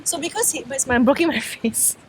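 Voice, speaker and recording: A woman's voice: sits high, a little hiss or hum. A young woman, co-hosting a casual podcast chat and eager to tell her own story. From Singapore. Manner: chatty, quick to correct and take over the story. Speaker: podcast co-host. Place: outdoors.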